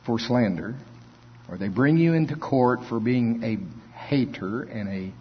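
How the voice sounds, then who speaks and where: A man's voice: mid-range voice, a little slow. A male preacher giving a conversational sermon, reading scripture aloud and chuckling between his points. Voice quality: husky. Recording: dull lo-fi recording.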